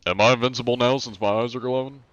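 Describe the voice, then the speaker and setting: A man's voice: mid-range voice, steady tone, fast talker, a bit bright, no echo, dull audio. A man chatting casually and joking around while streaming a game. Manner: joking, playful, talks while playing. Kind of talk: casual live-stream chat with role-play.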